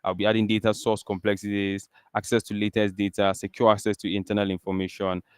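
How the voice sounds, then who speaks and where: Nigerian guy demoing tech stuff, lowish voice, dry close sound, chatty with lots of ums. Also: flat delivery, fast, smooth, dry recording. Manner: casual, chatty, thinking aloud with fillers. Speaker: tech presenter. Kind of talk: live software demo talk.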